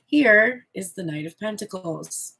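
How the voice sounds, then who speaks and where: A woman giving a channeled tarot reading in a candid, expressive way, swearing freely as she speaks. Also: medium pitch, unhurried, slightly rough. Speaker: tarot reader.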